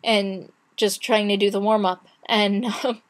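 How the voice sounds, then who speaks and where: A woman's voice: medium pitch, little pitch movement, measured pace. A young woman chatting casually in a video blog, retelling her day with many restarts and acted-out quotes. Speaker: vlogger. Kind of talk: casual chat.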